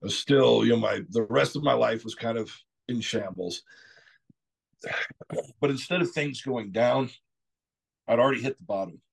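A middle-aged man from Texas, a podcast guest telling his story candidly, rambling and clearing his throat often. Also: medium pitch, moderate pace, pauses often. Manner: frequent "you know" asides.

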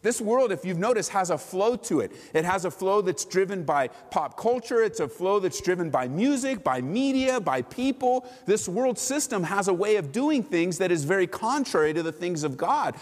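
A man preaching a sermon to his church, animated and full of rhetorical questions. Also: sits high, normal speed, few pauses, long reverb tail. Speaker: pastor.

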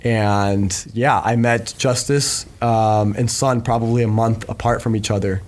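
A man in his twenties, a podcast guest, telling his story in a relaxed way with lots of fillers. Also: on the low side, measured pace. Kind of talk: casual chat.

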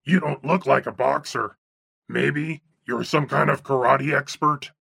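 A man putting on a raspy, gravelly chain-smoking cabbie. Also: medium pitch, fairly even intonation, measured pace, fairly bright tone, dry recording, clean studio sound, voice pushed down, exaggerated voice. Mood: folksy chatter. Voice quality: raspy, phlegmy. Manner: chatty, folksy, drawling. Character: gregarious overweight chain-smoking male cab driver. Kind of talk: audiobook character voice.

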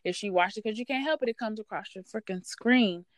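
A woman hosting a podcast, telling a workplace story in a blunt, profane, sassy and animated way. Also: mid-range voice, fairly quick, no room sound. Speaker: podcast host. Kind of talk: casual storytelling rant.

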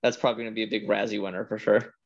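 A man's voice: on the low side, level tone, rapid-fire, vocal fry. Laid-back male podcast co-host, dull audio. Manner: rambling, laid-back, swears. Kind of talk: casual chat. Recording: slightly dull lo-fi sound.

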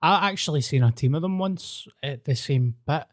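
A man's voice: fairly high pitch, expressive, moderate pace, dry recording, studio quality. A young man with a Glaswegian Scottish accent, chiming in with short replies in a casual chat. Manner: brief backchannel replies.

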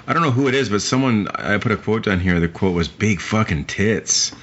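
A man's voice: fairly low pitch, expressive, fast, a bit bright. A man co-hosting a podcast, chatting casually and profanely about movies with rambling asides. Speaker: podcast co-host. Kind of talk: casual movie-review chat. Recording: muffled lo-fi recording with faint hiss.

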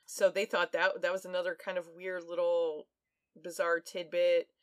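This woman co-hosts a podcast, chatting her way through a true-crime tale with frequent laughter and plenty of fillers. She speaks at a normal speed in a lowish, level voice, and the recording has no room sound.

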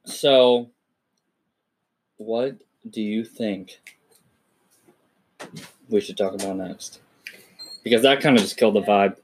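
A man's voice: lowish voice, slow pace, pauses often, a little hiss or hum. A young man co-hosting a podcast in casual chat, teasing and blunt. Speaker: podcast co-host.

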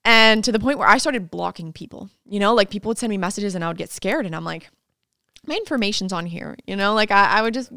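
A woman's voice: mid-range voice, animated, fast, bright, forceful tone, no room sound, studio quality. A woman guest on a podcast, chatting casually and laughing as she acts out what people said to her. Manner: bubbly, laughing, acts out quotes in voices. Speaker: podcast guest, fitness coach. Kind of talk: casual interview chat.

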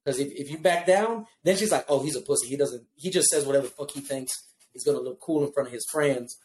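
A young man tells stories quickly in a casual chat. He swears freely, pads his talk with fillers, and keeps the telling animated. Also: mid-range voice, roomy sound, slight background noise. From Houston, Texas. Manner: profane, animated storytelling with many fillers.

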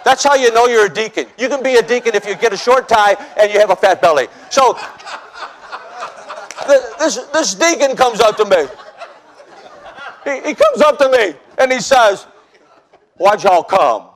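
A man with a notably high voice preaches a personal testimony sermon from the pulpit. He is from the northern United States and tells his story in an animated, humorous way, acting out the scenes for his congregation. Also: moderate pace, long pauses. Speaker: pastor.

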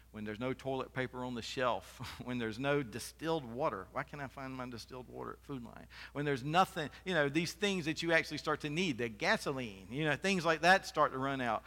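A man's voice: medium pitch, fairly bright tone. A man preaching a sermon as pastor, in a conversational style with off-the-cuff asides. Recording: long reverb of a hall.

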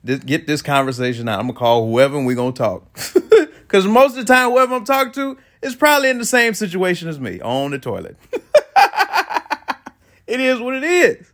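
A man's voice: sits high, expressive, normal speed, fairly bright tone. A man hosting his own show, delivering a casual, profane rant with sarcastic asides and frequent laughter. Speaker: solo talk host.

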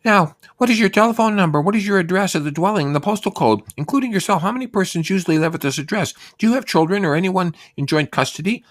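A man voicing a bold, cheerful older woman census taker who shouts her questions over loud music. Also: high voice, lively intonation, fast talker, hardly any pauses, no echo, clean studio sound, pitched above the performer's own voice. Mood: brisk.

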